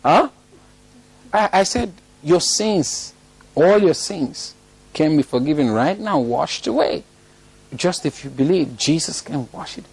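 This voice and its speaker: A man's voice: a little high, lively intonation, measured pace, vocal fry, darkish tone, husky. A man preaching a sermon, telling a story and breaking into laughter at it now and then. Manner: storytelling, laughs often at his own story.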